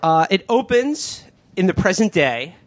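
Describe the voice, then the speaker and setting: A man's voice: high voice, sing-song, unhurried, no room sound. A man hosting a casual comedic discussion, recapping a film in a rambling way with mocking asides. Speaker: podcast host.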